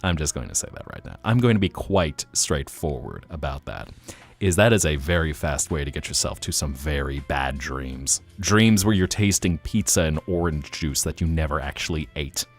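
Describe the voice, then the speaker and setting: A man hosting a live stream, chatting casually in an animated, rambling, jokey way. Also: very deep voice, moderate pace, soft background music.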